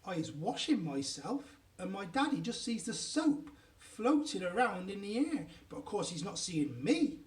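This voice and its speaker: Guy putting on a giddy little boy voice, high and jumpy, big storybook telling. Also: big pitch swings, unhurried, hardly any pauses, reverberant, distant mic. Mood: boastful glee. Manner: ungrammatical giant-style speech, bursts high. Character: excitable young boy dreamer, boastful.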